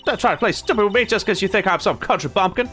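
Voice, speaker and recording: A man voicing a brash Southern country woman photographer in a put-on US Southern drawl, loud and folksy. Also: high-pitched, quick pace, soft background music, voice pushed up. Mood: scolding.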